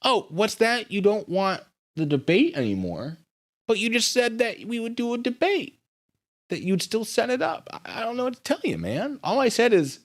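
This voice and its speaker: Sarcastic man hosting a livestream. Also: normal speed. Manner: mocking, sarcastic; lively, swinging pitch. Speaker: livestream host. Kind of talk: livestream commentary.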